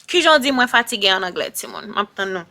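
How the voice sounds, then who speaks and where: A woman's voice: mid-range voice, animated, fast talker, noisy background. A young Haitian woman vlogger giving a playful, chatty English lesson, switching between Creole and English. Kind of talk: casual language lesson.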